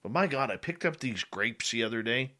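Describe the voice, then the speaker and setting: A man's voice: mid-range voice, lively intonation, fairly quick, pushed and bright. A man hosting a talk radio show, chatting casually with his guest and reading out names from the chat.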